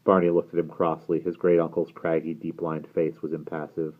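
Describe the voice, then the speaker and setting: A man reading a novel aloud as a storyteller, with a lively, expressive delivery. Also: very deep voice, brisk. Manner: lively storytelling reader who raises his voice for characters. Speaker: audiobook reader. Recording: tinny phone-like sound.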